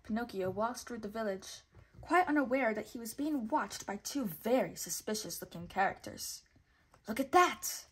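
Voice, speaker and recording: A woman's voice: a little high, normal speed. Woman reading a storybook aloud. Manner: clear, expressive reading. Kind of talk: storybook read-aloud narration.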